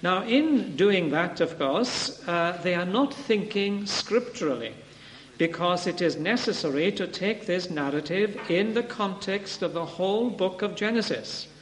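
A man's voice: sits high, animated, measured pace, fairly bright tone. A man preaching a sermon in a church, emphatic and repeating his key phrases. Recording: reverberant hall with faint background hiss.

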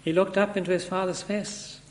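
A man preaching an expository sermon in an earnest, measured way, stressing points through repetition. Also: high voice, level tone, a little hiss or hum.

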